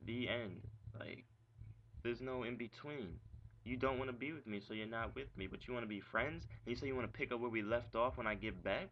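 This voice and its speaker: A young man rants into his camera about a breakup, agitated and profane, circling back with "like" and pointed questions. His voice is bright and forward, captured as dull, lo-fi webcam audio with a faint hiss underneath. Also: medium pitch, fairly quick. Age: young adult. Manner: agitated, profane ranting with frequent "like". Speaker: vlogger venting about an ex. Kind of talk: ranting vlog monologue.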